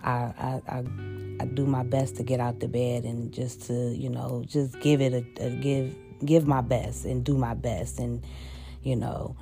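A woman with a very deep, gravelly voice talks in a personal confessional monologue. She is halting and openly emotional, stumbling over repeated words and fillers. Music plays clearly beneath her voice. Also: flat delivery. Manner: heavy-hearted, openly emotional. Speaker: podcast host. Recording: music playing underneath.

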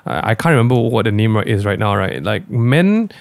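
A man's voice: fairly low pitch, very animated, normal speed, vocal fry, no echo. A man co-hosting a casual podcast, speaking bluntly and animatedly with strong opinions. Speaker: podcast co-host.

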